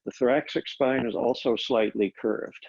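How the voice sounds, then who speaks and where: A man teaching a Pilates class, calmly cueing each step of the exercises, recorded on a laptop microphone. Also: medium pitch, moderate pace, gravelly, breathy edge, muffled recording. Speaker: Pilates instructor. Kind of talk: guided exercise class instruction.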